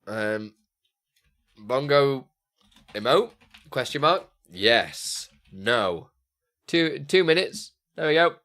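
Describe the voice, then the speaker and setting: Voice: medium pitch, animated, slow pace, long pauses, fairly bright tone. A live streamer, chatting casually and thinking aloud while talking to viewers. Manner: rambling, thinking aloud to chat. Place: home streaming setup.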